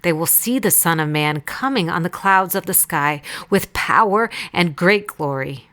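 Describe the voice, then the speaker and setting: A woman reading Bible passages aloud in a measured, deliberate way. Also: on the low side, animated, bright, forceful tone. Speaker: Bible reader. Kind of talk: scripted scripture reading.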